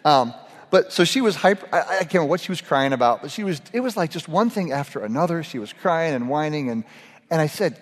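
A man's voice: a little high, animated, fast. A middle-aged man giving a casual, humorous sermon to a group. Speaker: pastor. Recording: echoey hall reverb.

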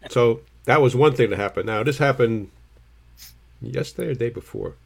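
A man's voice: medium pitch, normal speed, gravelly, breathy edge. Blunt New man telling stories. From New Jersey. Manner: blunt, storytelling, swears freely. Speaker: co-host. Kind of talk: casual chat.

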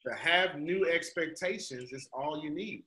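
A man's voice: a little high, a little slow, reverberant, heavy background noise. A man coaching a group call, preaching his points in an emphatic, colloquial way. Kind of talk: motivational teaching on a call.

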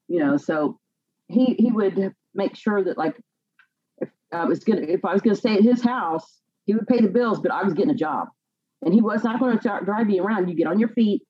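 A woman's voice: lowish voice, breathy edge, muffled recording. Woman telling her story near tears. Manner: halting, repeats and restarts words. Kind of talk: emotional personal testimony.

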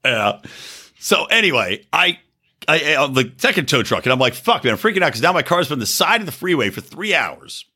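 Animated guy telling a story, acts out phone calls, swears a lot, bright and lively. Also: fairly high pitch, normal speed, husky. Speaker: podcast co-host. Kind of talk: casual storytelling chat.

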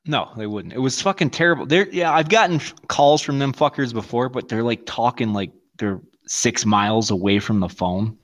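A man's voice: medium pitch, moderate pace, hardly any pauses, fairly bright tone. A young man co-hosting a podcast, chatting casually, swearing a lot and laughing through his stories. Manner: profane, laughing, puts on silly voices in stories. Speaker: podcast co-host. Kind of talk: casual chat.

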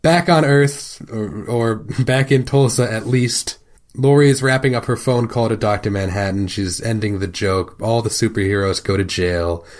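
A man's voice: lowish voice, moderate pace. A young man co-hosting a podcast, narrating a TV episode's plot in casual chat with wry jokes. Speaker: podcast co-host.

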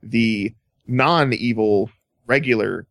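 A man's voice: mid-range voice, takes it slowly, creaky, a bit bright, dry recording, studio quality. A man co-hosting a casual podcast, playful, with a slight lisp. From American South. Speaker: podcast co-host. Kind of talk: casual chat.

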